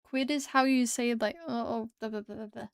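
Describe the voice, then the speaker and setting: A young woman with a British English accent, chatting and reacting to her live chat while she draws. Her voice sits a little high, and the sound is dry and close. She laughs easily and is quick to exclaim in disbelief. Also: steady tone, smooth, no room sound. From Britain. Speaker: streamer.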